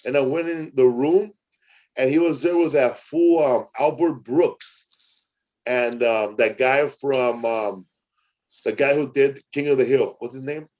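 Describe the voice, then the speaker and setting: A man's voice: medium pitch, measured pace, darkish tone. A middle-aged man hosting a podcast, telling rambling stories in a loose, slangy way full of "bro" and "man". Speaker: podcast host. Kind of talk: casual storytelling chat.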